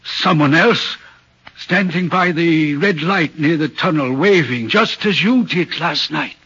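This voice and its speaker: A husky, bright-toned railway signalman, haunted and uneasy, telling his tale slowly and earnestly. The old radio play recording sounds muffled. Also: on the high side, full character voice. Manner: earnest, troubled, deliberate storytelling. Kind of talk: vintage radio drama acting.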